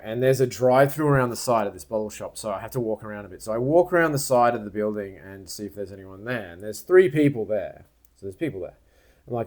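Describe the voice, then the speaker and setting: A man's voice: lowish voice, expressive, fairly quick, darkish tone. A man vlogging a rambling, aggrieved story to camera, acting out what he and others said. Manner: rambling, aggrieved retelling with quoted asides.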